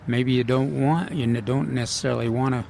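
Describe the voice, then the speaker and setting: A man co-hosting a casual gardening radio chat, talking haltingly with many fillers and restarts. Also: mid-range voice, steady tone, vocal fry, dark tone. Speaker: gardening show co-host. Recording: outdoor nursery with faint noise.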